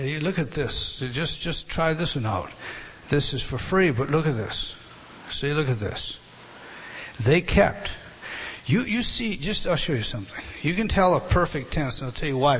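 A man gives an expository Bible lesson as a preacher. His voice sits a little high and has a husky edge. He is animated and often repeats and restarts phrases as he works through the text.

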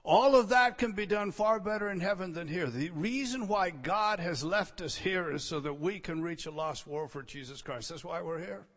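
A male preacher delivering a sermon in a fairly high voice. He hammers key words through repetition and moves from quiet asides to forceful emphasis. His voice rings with the long reverb of a large hall. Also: normal speed, few pauses. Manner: emphatic, repeats key words, swings between soft asides and loud stresses.

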